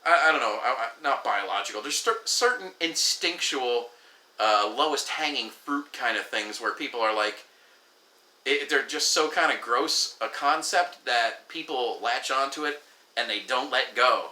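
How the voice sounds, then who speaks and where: A man's voice: mid-range voice, animated, normal speed, bright, forceful tone. A man vlogging an exasperated, profane rant, acting out the exchanges he quotes. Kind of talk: ranting storytelling to camera. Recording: echoey room.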